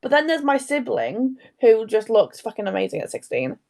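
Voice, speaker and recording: Her fairly high voice has a sing-song lilt, vocal fry, and a slightly mellow quality at a moderate pace. She's a young woman co-hosting a casual true crime show, rambling and breaking off her own story.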